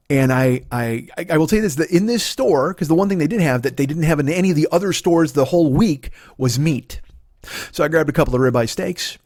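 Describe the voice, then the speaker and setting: A man's voice: mid-range voice, no echo, clean studio sound. A man, a comedian telling a long, profane story that builds into ranting. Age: 40s. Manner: profane, ranting retelling with shouted quotes. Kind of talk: storytelling monologue.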